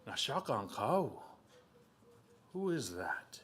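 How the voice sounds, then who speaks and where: Man doing a bold, hungry trickster raven for a told legend, loud and bossy. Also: medium pitch, big pitch swings, takes it slowly, a little hiss or hum. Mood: curious. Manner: loud, demanding, boastful.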